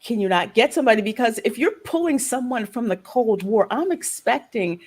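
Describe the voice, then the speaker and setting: A woman's voice: fairly high pitch, animated, brisk, slightly rough. Emphatic woman podcast co-host. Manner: emphatic, questioning. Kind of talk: casual podcast chat.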